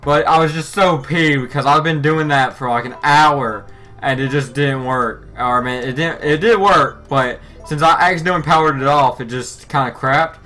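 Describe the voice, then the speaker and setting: A man giving let's play commentary, excitable, yelping and shouting at the game with mild swearing. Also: a little high, normal speed. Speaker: gamer. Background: faint music.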